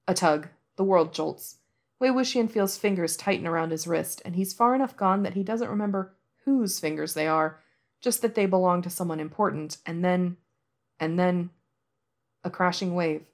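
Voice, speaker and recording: A woman narrating a fan-fiction audiobook in a soft, measured storytelling manner. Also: on the low side.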